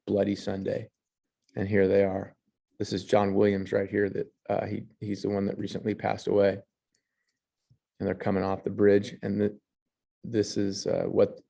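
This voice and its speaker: A man's voice: fairly low pitch, vocal fry, mellow. A man teaching history, reading passages and then commenting on pictures, with fillers and restarts. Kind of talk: lecture over slides.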